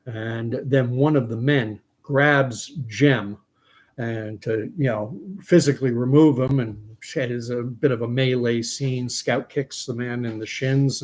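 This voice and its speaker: A man's voice: medium pitch, steady tone, unhurried, a little mellow. A man from Canada, host of his own commentary show, retelling a film scene in a reflective way.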